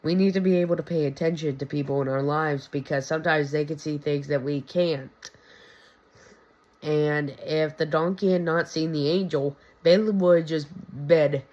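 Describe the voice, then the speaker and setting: A man's voice: on the high side, fairly even intonation, moderate pace, darkish tone, muffled recording. A man casually explaining Bible stories in a video, slangy and stumbling, correcting himself as he goes. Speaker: video creator teaching the Bible.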